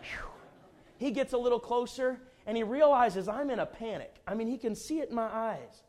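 A man preaching a sermon, telling a folksy, humorous personal story in an animated way. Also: extremely high pitch, normal speed.

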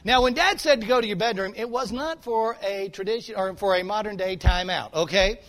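High-voiced preacher telling a folksy story. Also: male voice, fast, hardly any pauses. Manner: folksy, animated storyteller who calls out to the congregation. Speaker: pastor. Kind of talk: sermon storytelling.

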